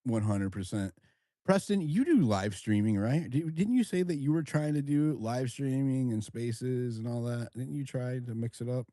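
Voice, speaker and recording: A man hosting a casual audio chat room, talking haltingly with many restarts. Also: mid-range voice, dark tone, dry recording, clean studio sound.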